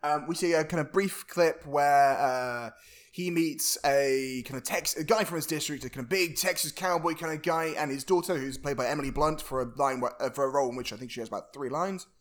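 Man podcast co-host, rambling comic film recap, slightly higher voice. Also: brisk. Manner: joking, rambling, often laughing. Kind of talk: casual film recap chat.

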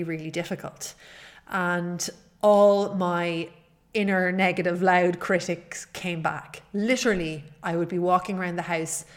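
Woman, solo podcast host, earnest coaching delivery, slightly low voice.

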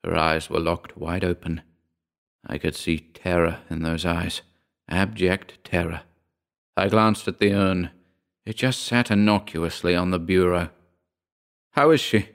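A man reading a horror short story aloud in a measured, grave storytelling manner. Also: sits low, level tone, creaky. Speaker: narrator. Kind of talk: scripted horror narration.

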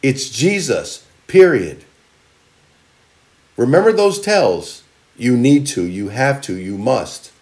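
A man preaching from the pulpit, his voice gravelly with a rough edge. His pitch leaps and dips constantly as he hammers points home, swinging between loud emphasis and hushed asides. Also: big pitch swings, slow pace, long pauses. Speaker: pastor. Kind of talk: sermon, teaching from scripture.

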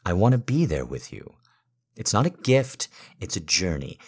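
A man speaking to a partner in an intimate role-play monologue, earnest and pleading, swinging from hushed to loud. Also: low-pitched, big pitch swings, normal speed, husky. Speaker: partner persuading someone to have a baby.

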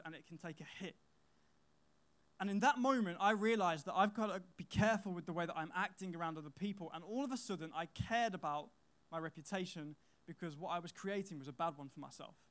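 A young man in his twenties gives a casual talk to teenagers, telling school stories in a loose, chatty way. His voice sits fairly high, and he leans on fillers and repeats his key lines. He speaks from a stage to a youth audience. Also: fairly bright tone.

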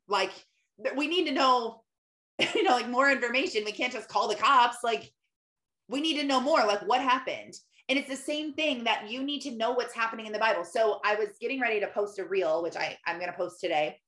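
Chatty mom giving casual devotional talk. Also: female voice, a little high, fairly quick, a bit bright, reverberant. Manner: chatty, many "like" fillers and restarts, acts out her own prayers. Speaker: Christian mom content creator.

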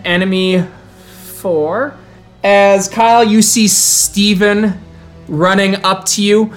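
A man narrating a tabletop horror game as storyteller, in measured, descriptive tones he sometimes draws out for effect. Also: high voice, steady tone, faint music behind.

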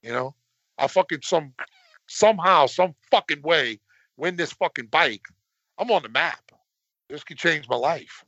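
A man's voice: a little slow, pauses often, no echo. Brash, foul-mouthed storyteller man. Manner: profane, swears constantly; animated, voice climbs high when worked up. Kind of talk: casual storytelling chat. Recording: dull lo-fi dry sound.

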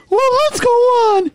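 A man putting on a squeaky high teasing voice. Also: no room sound, full character voice. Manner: playful, teasing, repetitive. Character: man's squeaky high-pitched joke voice, teasing.

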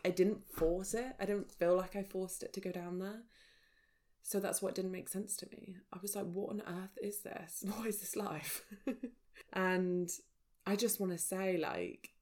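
Woman vlogger, low flat voice with gravel, candid personal storytelling to camera. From England. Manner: raw, reflective, searching. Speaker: spiritual vlogger.

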